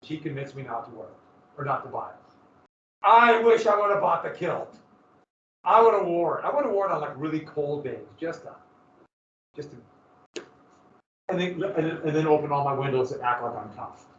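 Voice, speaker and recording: Male teacher, a touch high-voiced, casual and jokey, lecturing from across a roomy classroom on a dull mic. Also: animated, brisk, fairly bright tone, far from the mic. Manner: casual, joking, digressive storytelling.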